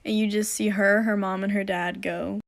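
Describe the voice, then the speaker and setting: A woman's voice: mid-range voice, little pitch movement, normal speed, gravelly. A young woman chatting through an amused storytime, acting out the people she quotes. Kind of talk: casual storytime monologue.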